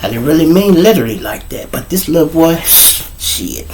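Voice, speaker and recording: A middle-aged man, hosting his show and telling a profane, animated story straight to his audience. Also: on the high side, normal speed, a little hiss or hum. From Chicago. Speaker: show host. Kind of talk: storytelling monologue.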